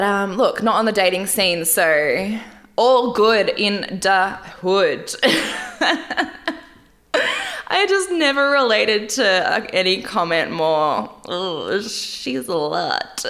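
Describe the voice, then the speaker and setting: A woman's voice: mid-range voice, fairly bright tone. A young woman vlogging casually about a dating show, candid and chatty, often laughing and swearing lightly. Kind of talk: casual chat.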